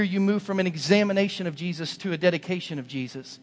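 A man preaching a Sunday sermon in a church sanctuary, his voice sitting a bit higher than most men's. He hammers points home through repeated, rising phrases, and each line rings out with a long reverb off the hall. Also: fast, few pauses, soft background music. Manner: emphatic, building repetition. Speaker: pastor.

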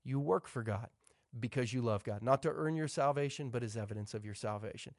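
A man's voice: mid-range voice, fairly quick, no room sound, clean studio sound. A male pastor preaching a sermon, hammering his points home with emphatic repetition.

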